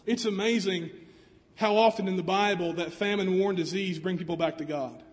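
A man with a very high voice preaches a sermon in an earnest way, often pausing on rhetorical questions. His voice carries a long reverb, like a large hall.

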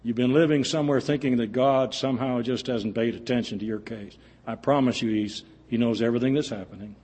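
A husky-voiced man delivering a sermon in a church. His voice climbs high and forceful when he pleads, then sinks low and quiet as each phrase ends. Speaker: preacher.

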